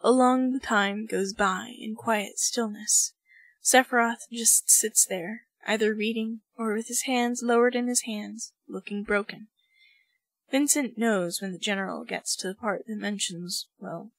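Female fanfic narrator, measured storytelling, close dry recording. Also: on the high side, fairly bright tone, no echo, poor audio. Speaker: podfic reader. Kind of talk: audiobook narration of fan fiction.

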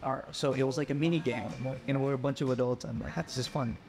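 On a podcast, a young Filipino man tells a personal story casually and with animation, acting out the voices of the people he quotes. He speaks quickly at a medium pitch, with a creaky quality.

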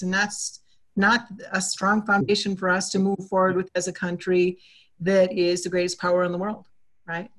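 A woman, a talkative guest in a casual interview who acts out the conversations she retells. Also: medium pitch. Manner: animated, talkative, acts out quoted exchanges.

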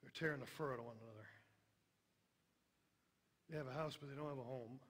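A middle-aged man preaching a sermon, emphatic, then dropping to a hushed voice on tender lines. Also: mid-range voice, fairly quick.

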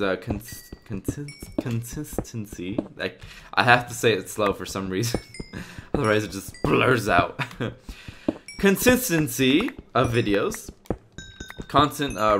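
A man's voice: lowish voice, background noise. A man giving casual let's-play commentary as a gaming YouTuber, chatty and rambling as he plays. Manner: rambling, chatty, many fillers and restarts.

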